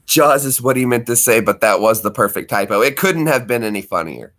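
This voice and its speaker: A man hosts a casual live stream from home, talking to his viewers in a loose, chatty way and laughing readily. His voice is bright and forceful. It rises and falls a great deal as he talks. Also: mid-range voice, expressive, a little fast.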